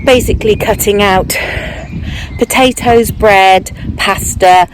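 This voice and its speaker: An older woman chatting casually as she walks outdoors, getting out of breath, and thinking aloud in an unhurried way. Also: medium pitch, a little hiss or hum, low-quality recording. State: out of breath while walking. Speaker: vlogger. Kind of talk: casual walking vlog. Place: outdoors, walking.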